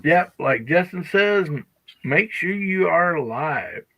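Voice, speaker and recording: A man hosting a live podcast in a relaxed, chatty way, laughing often and talking through a bout of hiccups. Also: fairly high pitch, slow pace. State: has the hiccups. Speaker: podcast host. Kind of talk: casual livestream chat.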